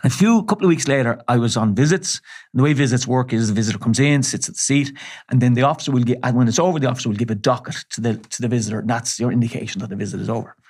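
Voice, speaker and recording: A middle-aged Irish man being interviewed, his voice sitting at an ordinary middle pitch. He tells a story in a measured, earnest way, often stopping to restart a sentence. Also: a little mellow. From Ireland. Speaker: charity chief executive, interview guest.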